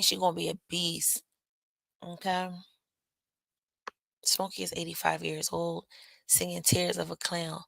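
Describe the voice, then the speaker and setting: Woman chatting on her livestream, kinda gravelly, dry close sound, swears a lot and laughs. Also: lowish voice, a bit bright, no room sound, low-quality recording. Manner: loose, profane, laughing asides. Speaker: livestream host. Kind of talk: casual live-stream chat, reading viewer comments.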